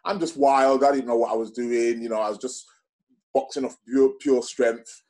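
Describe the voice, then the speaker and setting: A man's voice: medium pitch, steady tone, normal speed, darkish tone. Rambling man telling stories. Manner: rambling, many fillers and restarts. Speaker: guest. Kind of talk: casual storytelling.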